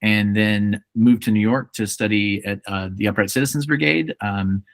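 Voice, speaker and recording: A man in his forties, an actor, chatting playfully as a podcast guest and telling animated stories. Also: fairly low pitch, moderate pace, dry recording. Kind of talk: casual chat.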